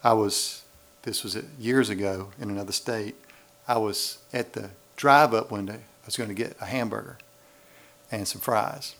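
A man's voice: lowish voice, steady tone, moderate pace, vocal fry, a bit bright. A man preaching a sermon in a church, acting out little voices to make his points. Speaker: pastor.

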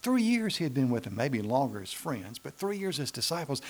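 A man preaching a sermon, swinging between emphatic rises and hushed, slowed passages, and repeating phrases for emphasis. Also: fairly high pitch, very animated.

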